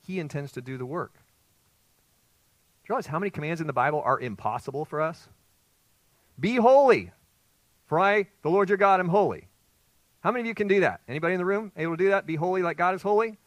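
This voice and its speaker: A man's voice: on the high side, rapid-fire, no room sound. A male pastor preaching an expository sermon, emphatic and putting rhetorical questions to his congregation.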